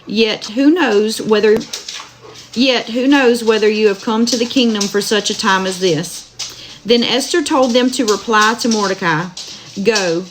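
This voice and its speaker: Lady reading the bible slow at home, noisy recording, medium voice. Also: medium pitch. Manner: slow, tender reading, chats with viewers. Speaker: Bible reader. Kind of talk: live-streamed Bible reading with chat asides. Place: home with dogs running about.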